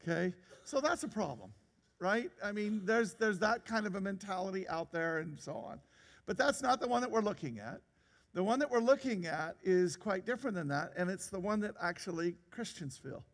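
High-voiced pastor preaching in a reverberant church. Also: male voice, animated, normal speed. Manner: conversational, repeats and restarts phrases, rhetorical questions. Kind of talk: sermon.

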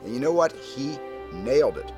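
A man's voice: mid-range voice, very animated, normal speed, close to an everyday voice. A man in a comedy sketch playing a famous film director, speaking with dry, wry humor over music.

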